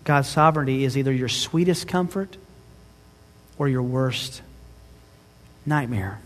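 A man's voice: medium pitch, unhurried, big-room sound. A man preaching a sermon as pastor, emphatic and building his points into rising lists.

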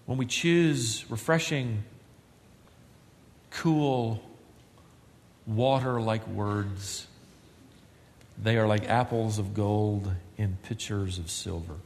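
A man preaching a sermon as pastor, earnest and building to loud, emphatic climaxes. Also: fairly low pitch, drawn-out words, long pauses. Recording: long reverb of a large hall.

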